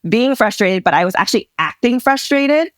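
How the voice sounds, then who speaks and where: A woman marriage coach talking casually as a podcast guest, animated and quick to laugh, with many fillers. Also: a little high, dry recording, studio quality.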